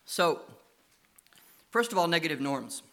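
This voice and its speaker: A man with a fairly high, sharp, bright voice, preaching to a congregation. He tells stories in a lively, anecdotal way and stops to coax the children with questions before turning to his main point. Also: a little slow.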